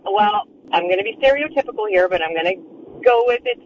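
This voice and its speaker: A woman's voice: mid-range voice, animated, a little fast, muffled recording, slight background noise. A woman calling in to a radio show, chatty and ranting with humor. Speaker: caller. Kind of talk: phone call on radio.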